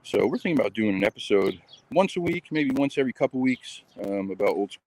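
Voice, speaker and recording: A man's voice: mid-range voice, lively intonation, quick pace, a little mellow. A man casually chatting on a live stream while walking his dog outdoors, rambling with lots of ums and uhs. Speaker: channel host.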